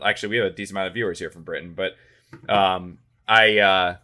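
A man with a bright, forceful voice pitched on the low side. He talks in a loose, rambling way on a casual sports podcast, stacking up fillers as the story runs on. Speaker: sports reporter, podcast co-host.

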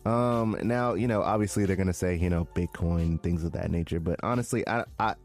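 Low-voiced, laid-back male co-host. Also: brisk, darkish tone, soft background music. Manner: laid-back, slangy, trails off and restarts. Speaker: podcast co-host. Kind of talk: casual chat.

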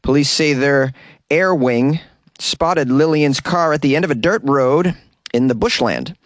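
A man's voice: fairly high pitch, measured pace, dry recording. A man hosting a comedy news podcast, reading stories with wry, jokey asides. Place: closet. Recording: dry closet recording.

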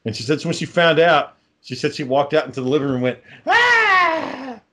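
A man's voice: on the high side, steady tone, very fast. Man, swears a lot, rambling stories, chuckles, casual chat. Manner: profane, rambling, laughs while telling stories.

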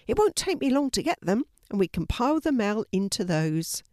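In a storybook reading, a woman voices a cheerful, helpful young girl who rides a horse, pitching slightly above her own voice while staying close to an everyday sound. Her medium-pitched voice is a little mellow, with big pitch swings and normal speed, recorded in studio quality with no room sound.

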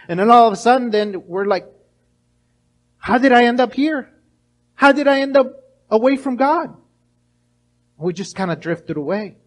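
High-voiced animated male pastor. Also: moderate pace, long pauses. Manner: animated preaching, acting out voices, many restarts. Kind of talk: sermon.

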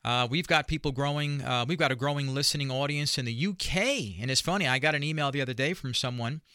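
Bright, crisp radio host with an accent. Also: male voice, medium pitch, quick pace, dry recording, clean studio sound. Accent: noticeable accent. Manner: upbeat, encouraging, repeats his appeals. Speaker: radio talk show host. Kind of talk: radio talk show monologue.

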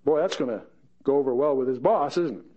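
A man's voice: medium pitch, quick pace, dull audio. A man teaching verse by verse through a Bible passage, chatting with joking asides and reading the scripture quotes dramatically.

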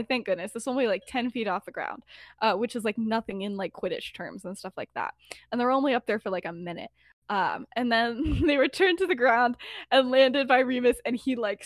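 A woman's voice: a little high, no echo, clean studio sound. A young woman co-hosting a casual podcast, rambling and giggling through a fan story with lots of fillers.

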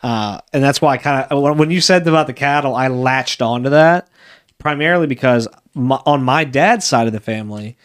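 A man of medium pitch hosting a podcast interview. He chats loosely and rambles, often breaking off to restart his sentences. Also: fairly quick. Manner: chatty and rambling, with frequent restarts. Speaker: podcast host. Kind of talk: casual interview conversation.

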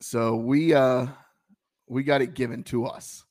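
A man's voice: mid-range voice, a little slow. Southern man telling a sports story. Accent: Southern American. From American South. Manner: rambling, many restarts, animated storytelling. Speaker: podcast co-host. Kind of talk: casual sports chat.

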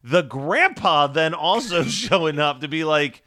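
A man's voice: on the high side, animated, measured pace, pushed and bright. A young man co-hosting a podcast in casual chat, laid-back, swearing casually and laughing a lot. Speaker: podcast co-host.

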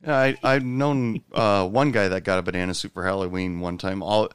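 A man's voice: sits low, fairly even intonation, normal speed, clean tone, no room sound, studio quality. A man hosting a casual podcast chat, hesitant with lots of uhs and easy laughs. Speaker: podcast host.

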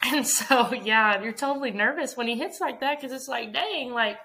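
Chatty bright-voiced woman podcast co-host. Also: a little high, moderate pace. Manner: chatty, agreeable, storytelling with "like". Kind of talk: casual sports chat.

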